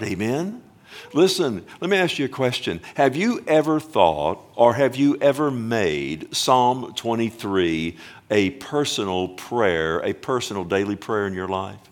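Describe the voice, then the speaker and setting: A man preaching a Wednesday night sermon in church, calling for amens and slowing down to stress scripture. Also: fairly low pitch, lively intonation. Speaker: pastor.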